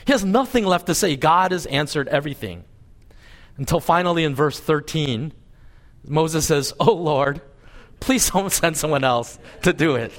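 Man, pastor, sermon, raised pitch, lively swinging intonation, storytelling. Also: normal speed. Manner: animated storytelling, voicing God and Moses with lively pitch swings. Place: church service.

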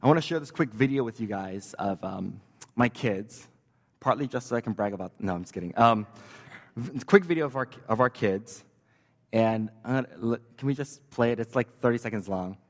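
A man's voice: mid-range voice, expressive, brisk, big-room sound. A man preaching a sermon as pastor, conversational and joking, with casual fillers and asides.

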